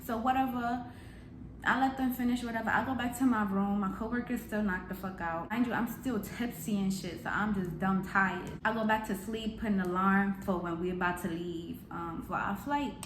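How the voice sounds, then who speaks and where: A young woman from New York telling a storytime vlog story in heavy slang, animated and profane, acting out shouted quotes. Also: mid-range voice, normal speed, a little hiss or hum. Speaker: vlogger. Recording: echoey room.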